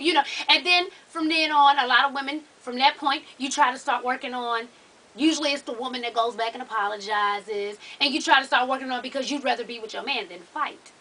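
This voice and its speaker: A woman's voice: high-pitched, fairly quick, pushed and bright, distant mic. A woman hosting an advice vlog, blunt, sassy and profane as she talks straight to the viewer. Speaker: advice show host.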